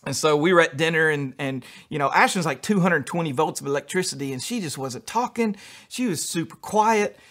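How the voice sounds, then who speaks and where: Pastor, man, upbeat storyteller, slightly high voice. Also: lively intonation, a bit bright. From United States. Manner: humorous, quick storytelling with acted-out quotes. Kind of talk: sermon.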